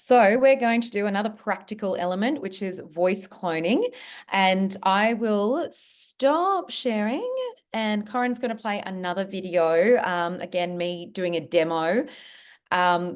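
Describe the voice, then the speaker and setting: A woman trainer presenting a live webinar in a chatty, loose way. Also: fairly low pitch.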